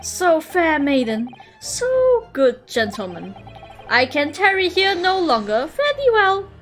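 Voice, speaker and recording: Performed by a woman, a pompous, theatrical gentleman declaims in slow, archaic verse-like lines. The voice is high and drawn out, with faint music underneath. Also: wildly swooping pitch, exaggerated voice. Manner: slow, grandiose, archaic speech. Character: theatrical Shakespeare-quoting young gentleman lodger.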